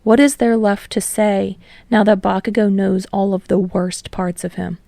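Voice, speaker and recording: A woman reads fan fiction aloud in a steady narration that slows on emotional passages. Her voice is mellow with a slight gravelly edge. The recording is dry and close. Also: mid-range voice, no room sound. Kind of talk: audiobook narration.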